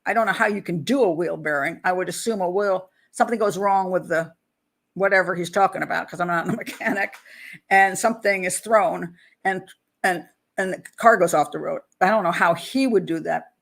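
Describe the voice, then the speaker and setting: Woman reading a true crime book out loud, stops to comment in a loose chatty way, acts out the quotes. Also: fairly low pitch, a little fast, creaky. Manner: chatty asides with restarts between read passages; dramatizes quoted lines. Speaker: criminal profiler host.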